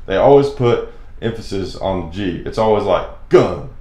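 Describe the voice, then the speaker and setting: A man's voice: low-pitched, moderate pace, mellow, roomy sound. A man hosting a casual monologue show, telling stories and airing opinions in a rambling, conversational way. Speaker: radio show host.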